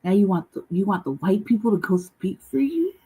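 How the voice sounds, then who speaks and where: A woman's voice: medium pitch, big pitch swings, fairly quick, mellow, breathy edge, low-quality recording. Blunt, profane woman ranting in commentary. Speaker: host. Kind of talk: casual commentary vlog.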